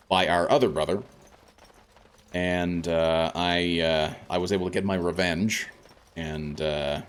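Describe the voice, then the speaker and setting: A man streaming a video game, chatting casually, reading the game's text aloud and swearing when things go wrong. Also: low-pitched. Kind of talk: casual gameplay commentary.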